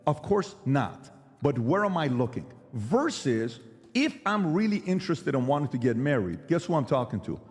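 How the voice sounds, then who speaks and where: A man's voice: on the high side, sing-song, moderate pace, in a large hall. Emphatic man debating with rhetorical questions. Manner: emphatic, rhetorical questions, mimics others' voices. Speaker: podcast host. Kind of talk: animated debate monologue.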